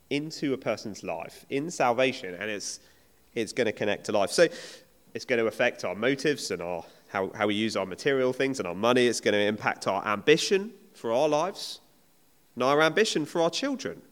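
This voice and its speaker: A man's voice: medium pitch, expressive, normal speed. A man preaching a sermon in an earnest, emphatic, conversational way. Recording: long reverb of a hall.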